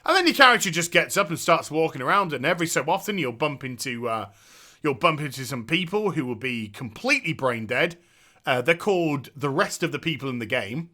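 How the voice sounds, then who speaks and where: Male host, lively high voice with sharp edge, swearing and sarcastic rant. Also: a little fast. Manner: profane, sarcastic, exasperated. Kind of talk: ranting game review.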